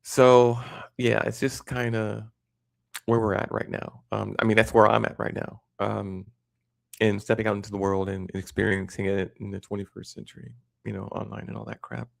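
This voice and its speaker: A man's voice: on the low side, fairly even intonation, normal speed, vocal fry, dry recording, clean studio sound. A man hosting a livestream, rambling in casual chat with lots of fillers and restarts. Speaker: livestream host.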